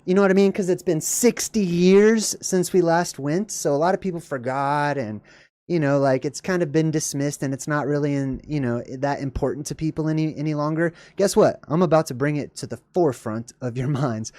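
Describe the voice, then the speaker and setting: A man hosting a casual video, commenting in a jokey, animated way. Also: brisk, dry recording. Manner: animated, jokey, voice jumps high when excited. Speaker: video host.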